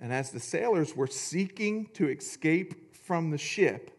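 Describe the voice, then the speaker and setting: A man preaching a sermon in a church, animated and jokey, reading scripture aloud between asides. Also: a little high, measured pace. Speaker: pastor.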